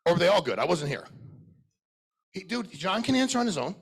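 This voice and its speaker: A middle-aged sales trainer speaks to a live crowd in a rough, gravelly voice that sits a little high for a man. He is blunt and profane, full of energy, and turns to challenge people in the audience. A husky edge runs through his voice. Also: very animated, fairly quick.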